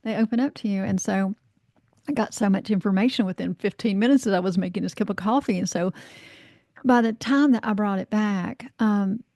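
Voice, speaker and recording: A woman from North Carolina spins a lively anecdote as a podcast guest. She acts out the voices of the people in her story, leans on "you know" and swears with ease, at a middle pitch. Her voice sounds close and dry, with no room echo. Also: a little fast. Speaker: guest, life coach. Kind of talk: casual storytelling in a podcast interview.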